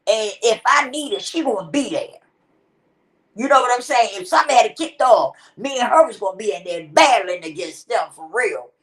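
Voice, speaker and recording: A middle-aged woman talking casually into her own vlog, retelling a family story with animated back-and-forth and a habit of repeating "I said.". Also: a little high, normal speed. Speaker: vlogger.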